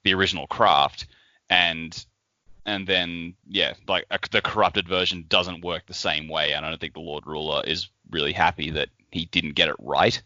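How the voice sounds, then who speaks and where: A man's voice: low-pitched, steady tone, normal speed, bright, forceful tone, no echo, muffled recording. A man co-hosting a casual book podcast, rambling through theories and swearing casually. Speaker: podcast co-host.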